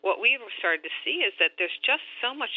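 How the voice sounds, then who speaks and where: A woman's voice: fairly high pitch, very animated, a little fast, no echo. A woman taking part as an expert guest in an interview discussion, speaking in an earnest, emphatic way. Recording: dry tinny phone line.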